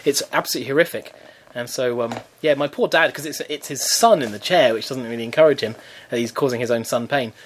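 A man talking at a brisk clip as a podcast co-host. He is playful and self-mocking, and he keeps his stories rolling in relaxed banter. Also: medium pitch, slightly rough. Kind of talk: casual chat.

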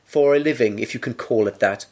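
A man's voice: mid-range voice, fairly quick, a little mellow. Pedantic, argumentative British man. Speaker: podcast co-host. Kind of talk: casual chat.

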